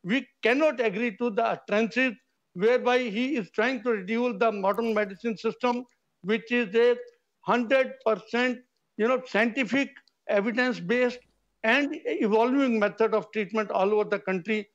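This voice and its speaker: Insistent high-voiced Indian man debating. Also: normal speed, muffled recording. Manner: insistent, talks over others, repeats himself. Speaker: doctor and debate panelist. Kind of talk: heated TV debate.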